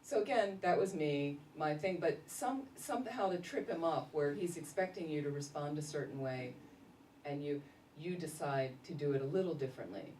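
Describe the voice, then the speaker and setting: A woman, a Buddhist nun, giving a casual dharma talk full of lively stories and laughter. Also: low voice, moderate pace. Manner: animated storytelling, laughing often. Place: meditation center hall. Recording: roomy echo, distant mic, faint noise.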